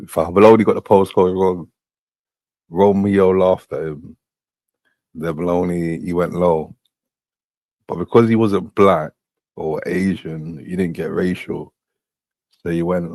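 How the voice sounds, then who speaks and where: Brief: male host, deep and low, slow slangy clip commentary, dry close sound. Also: fairly even intonation, gravelly, darkish tone, no echo. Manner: slow, drawling recap with casual slang. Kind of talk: commentary on replayed clips.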